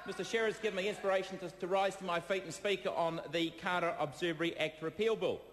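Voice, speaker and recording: A man with a New Zealand accent giving a parliamentary debate speech, combative and halting, with many fillers, repeated phrases and replies to hecklers. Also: high voice, steady tone, a bit bright. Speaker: member of parliament. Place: debating chamber. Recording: echoey chamber with long reverb.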